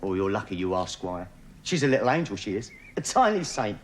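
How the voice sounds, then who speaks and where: Blustering dad. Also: male voice, on the low side, sing-song, a little fast. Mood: belligerent. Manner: gruff, blustering, sarcastic. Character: belligerent working-class London dad. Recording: noisy old TV recording.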